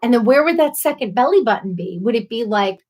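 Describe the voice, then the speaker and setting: Woman, high voice, giggly, tipsy, casual livestream host. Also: lively intonation, quick pace, a little mellow. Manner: giggly, laughs often, reads out comments. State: tipsy from wine. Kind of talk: casual live chat with viewers.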